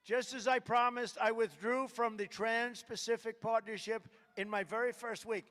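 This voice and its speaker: A man's voice: very high voice, fairly even intonation, moderate pace, a bit bright. An older man giving a rambling, repetitive campaign rally speech with sarcastic asides. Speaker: political speaker at a rally. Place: large hangar rally venue. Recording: echoey hall from a distance.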